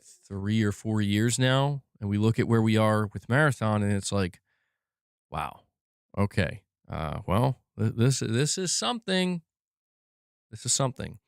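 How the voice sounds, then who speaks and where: A man's voice: fairly low pitch, creaky, clear, resonant tone, dry recording, studio quality. A man hosting a casual gaming livestream, chatting loosely and reading out viewers' chat messages. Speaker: livestream host.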